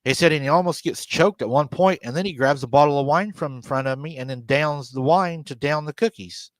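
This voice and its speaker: A man's voice: fairly high pitch, fairly quick, dry recording. Laughing man retelling a story. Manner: retells a story with quoted dialogue, laughs often. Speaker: podcast host. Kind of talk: casual storytelling on a live stream.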